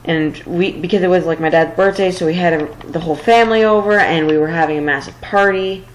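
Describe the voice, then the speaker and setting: On a rough recording with slight background noise, a woman with a lowish voice speaks briskly. It's casual building commentary for a let's play, delivered late at night when she's tired, so it comes out rambling, a little flustered, and self-deprecating.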